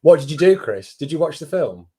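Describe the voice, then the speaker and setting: A man's voice: fairly high pitch, sing-song, brisk, warm tone, slightly rough. A man co-hosting a film review podcast, talking wryly in stop-start bursts. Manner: wry, laughing, stop-start. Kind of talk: casual podcast chat.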